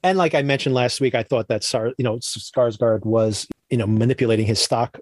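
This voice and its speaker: A man hosts a podcast, chatting casually and animatedly, often laughing and acting out lines. His mid-range voice moves fairly quickly, with clean studio sound and no room noise.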